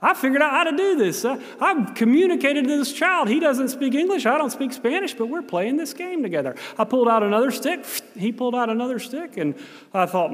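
An American man preaching a sermon, telling a self-mocking story in an animated way. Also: very high-pitched, brisk, in a large hall.

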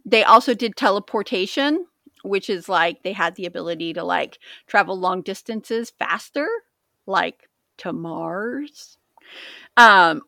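A woman's voice: medium pitch, sharp tone, dry recording, studio quality. A woman co-hosting a podcast in casual chat, rambling and jokey, often stumbling over words. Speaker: podcast co-host.

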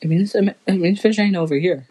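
Young woman, low-pitched podcast co-host, rambling and foul-mouthed, faint background noise. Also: brisk, mellow, poor audio. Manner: rambling, swearing storyteller. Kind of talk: casual chat.

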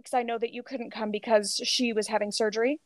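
Woman podcast co-host, high bright-sounding register, dry close sound, breathless gossipy storytelling. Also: quick pace, no room sound. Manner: animated storytelling, heavy filler "like", swears freely. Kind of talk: casual gossip chat.

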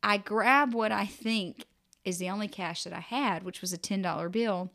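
A woman's voice: medium pitch, normal speed, gravelly. A woman in her thirties co-hosting a podcast, telling family stories in casual chat and acting out what people said. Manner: animated storytelling, acts out quotes. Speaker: podcast co-host.

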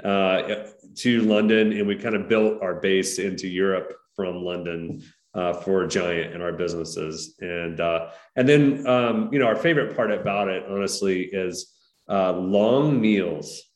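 A middle-aged man from the United States, a guest entrepreneur, telling stories in a relaxed, friendly way with "um" and "you know". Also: low-pitched, unhurried. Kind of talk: podcast interview. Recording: echoey room.

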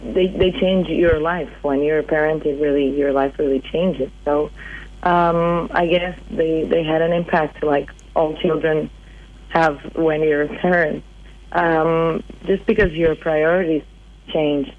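A woman's voice: deep voice, fairly even intonation, a little slow, narrow, tinny audio. A woman in her thirties from Portugal who speaks English with a Portuguese accent, chatting in an interview. She talks hesitantly, with many fillers and restarts. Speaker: singer guest. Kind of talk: casual interview chat.

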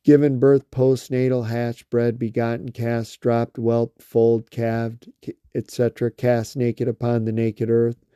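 Man, monotone word-list reading, very dark tone, dry close sound. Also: medium pitch, a little slow, smooth, dry recording. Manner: flat steady list reading with slips and restarts. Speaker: reader.

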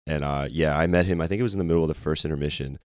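A young man with a hoarse voice, co-hosting a casual sports podcast and rambling excitedly with many fillers. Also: extremely low pitch, racing, dry recording, clean studio sound. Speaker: podcast co-host.

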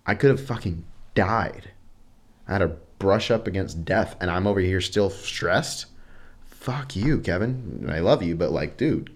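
Deep-voiced man telling a candid story. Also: normal speed. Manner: animated, acts out quotes, swears casually. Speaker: guest.

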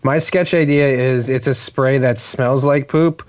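A man's voice: mid-range voice, steady tone, unhurried, darkish tone, no room sound. A man, a comedian co-hosting a podcast, chatting casually and rambling with lots of filler words. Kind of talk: casual chat. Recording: dull lo-fi podcast audio.

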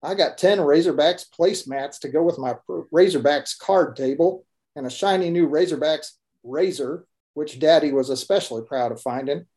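A man's voice: a little high, moderate pace, a little mellow, natural voice. A Midwestern man voicing a grumbling, joking Texan man with a Texas accent in a folksy, wry storytelling manner.

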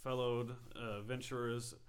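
A man running a tabletop game as game master, narrating in a halting way full of fillers. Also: mid-range voice, little pitch movement.

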